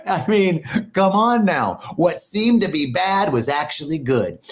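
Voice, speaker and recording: A man preaching a sermon, telling animated stories, laughing often and swearing casually. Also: on the high side, takes it slowly. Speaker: minister. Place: lives in Costa Rica.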